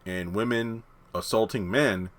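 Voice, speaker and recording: A man reviewing a TV episode in a casual, blunt and animated way, retelling the scenes as he goes. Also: on the low side, a little slow. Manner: animated, acts out characters' lines while retelling; blunt and opinionated.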